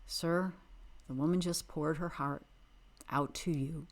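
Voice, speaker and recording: A woman hosting a podcast, recapping a reality TV show with sassy, exasperated, animated commentary. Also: deep voice, a little slow. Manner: animated, dramatic emphasis. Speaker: podcast host.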